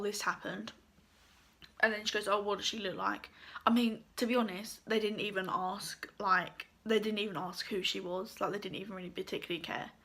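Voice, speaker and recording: Bright-voiced young woman telling a story. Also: mid-range voice. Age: young adult. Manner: chatty, lots of fillers and quoted dialogue. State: croaky voice. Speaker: vlogger. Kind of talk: casual storytime.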